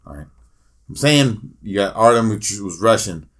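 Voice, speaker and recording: A man's voice: fairly low pitch, animated, moderate pace, a bit bright. A man co-hosting a fight podcast, riffing crude jokes and laughing at his own bits. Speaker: podcast co-host. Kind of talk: casual profane chat.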